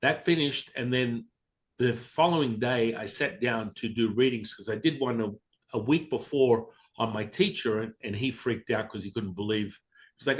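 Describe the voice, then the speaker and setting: A man speaking as a guest in a relaxed interview. His voice sits at an ordinary middle pitch. He talks bluntly and candidly, slipping into voices when he quotes people. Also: normal speed. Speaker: Taoist teacher, interview guest. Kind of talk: casual storytelling interview.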